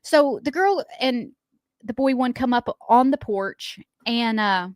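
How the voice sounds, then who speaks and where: A woman's voice: on the high side, slow, no room sound, studio quality. A woman co-hosting a morning radio show, telling a story with lots of laughter. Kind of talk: casual on-air banter and storytelling.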